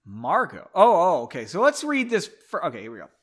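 A man's voice: on the high side, wildly swooping pitch, fairly quick, husky. A man from the United States, reading a book aloud casually while drinking whiskey, breaking off into rambling, swearing asides. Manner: rambling, swears and comments between passages. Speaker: reader of a book.

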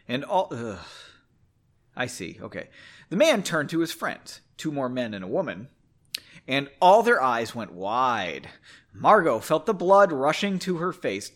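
A man's voice: mid-range voice, sing-song, moderate pace, a bit bright. A man hosting a podcast who reads a story aloud and keeps breaking off into sarcastic, self-mocking asides. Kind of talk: story reading with joking asides.

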